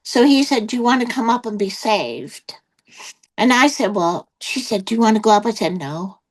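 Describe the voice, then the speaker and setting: A woman's voice: on the high side, expressive, moderate pace, poor audio. An older woman sits as an interview guest and tells her personal testimony. She rambles through the story with fillers and restarts, acting out the back-and-forth of old conversations as she goes. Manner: rambling storytelling with many quoted exchanges and fillers.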